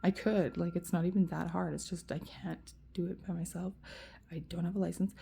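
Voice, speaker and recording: A woman with a gravelly, fry-laden voice pours out a rambling, profane rant to her viewers. Her tone is very dark and mellow, and the pitch sits fairly low. She talks loosely, with many fillers. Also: little pitch movement, fairly quick, a little hiss or hum. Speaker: vlogger. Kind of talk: emotional rant to camera.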